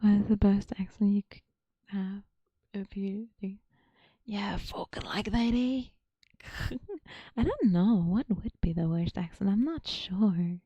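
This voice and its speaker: A woman whispers breathily to her viewers in a close ASMR chat, dark and mellow in tone. The recording is slightly dull and very dry, right against the mic. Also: medium pitch, no room sound. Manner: soft, slow and murmuring, repeating phrases. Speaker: ASMR streamer.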